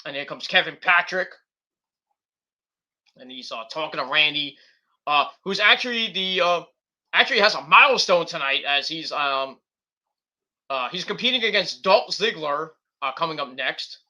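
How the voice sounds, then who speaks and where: Guy on a stream recapping wrestling, high sharp voice, lots of ums. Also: lively intonation, moderate pace, pauses often. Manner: rambling, lots of fillers and restarts. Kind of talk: casual recap of a wrestling show.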